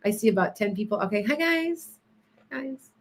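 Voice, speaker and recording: A woman's voice: mid-range voice, lively intonation, normal speed. A woman hosting a casual livestream as a psychic healer, rambling and chatty as she greets viewers by name between stories.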